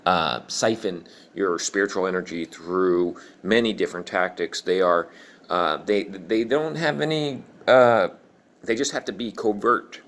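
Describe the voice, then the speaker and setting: A man delivering an angry, profane monologue rant in a combative, preachy manner. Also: fairly low pitch. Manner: fast, insistent delivery. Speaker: online commentator.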